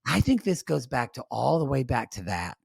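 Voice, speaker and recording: A man co-hosting a podcast, chatty and animated, recapping a reality show in casual talk and calling listeners y'all. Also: medium pitch, normal speed, gravelly, breathy edge, no room sound, clean studio sound. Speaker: podcast co-host.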